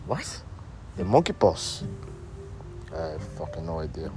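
A man hosting a comedic podcast from his backyard, speaking in a dry, deadpan way. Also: rumbling low, measured pace, long pauses, soft background music. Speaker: podcast host. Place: outdoors in a backyard.

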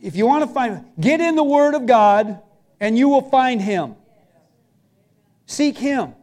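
A man's voice: extremely high pitch, animated, measured pace, a little mellow. A man preaching a sermon as pastor, telling a personal story in a conversational, emphatic way.

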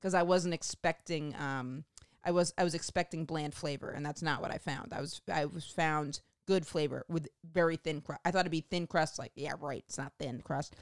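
Woman, lowish voice, casual storyteller, rambling and profane, dry close mic. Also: normal speed, dry recording. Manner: rambling, animated, profane, tangent-prone.

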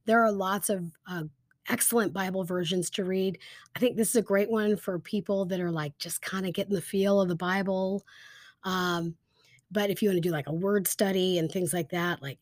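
A woman teaching a Bible story in a casual, lively storytelling way, with frequent fillers like "um" and "like". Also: fairly low pitch, no echo, studio quality.

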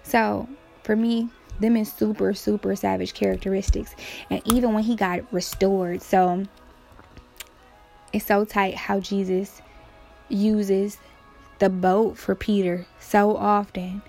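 Gravelly-voiced woman retelling Bible stories. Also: mid-range voice, flat delivery, slow pace, dark tone, soft background music. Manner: slangy, playful, acts out quotes.

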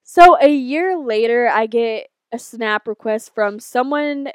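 A woman's voice: a little high, expressive, slow, smooth, no echo, clean studio sound. A young woman co-hosting a podcast, telling a long rambling story in casual, profane chat. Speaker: podcast co-host.

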